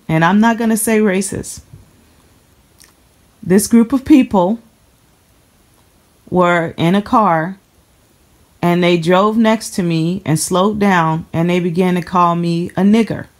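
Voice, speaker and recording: A woman from the Chicago area giving a personal testimony to camera, earnest and halting, often repeating herself as she holds back emotion. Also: on the low side.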